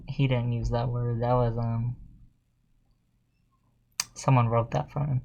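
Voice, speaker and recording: A man's voice: mid-range voice, takes it slowly, pauses often. A man ranting casually to his viewers. He sounds sarcastic and exasperated, with a mocking, offhand edge. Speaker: vlogger. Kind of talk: casual commentary rant.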